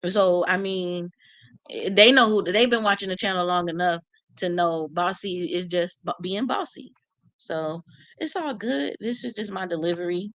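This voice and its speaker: A woman's voice: fairly low pitch, moderate pace, fairly bright tone, dry recording. Woman w aave talking trash on her livestream, blunt and cussing a lot, dry close sound. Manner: blunt, profane, brash, talks back to commenters. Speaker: channel host reading live comments. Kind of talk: casual livestream chat.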